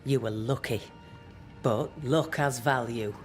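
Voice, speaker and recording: An actor playing a stern, proud village leader in a game, speaking in a measured, authoritative way. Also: male voice, mid-range voice, soft background music, close to an everyday voice. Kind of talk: game dialogue.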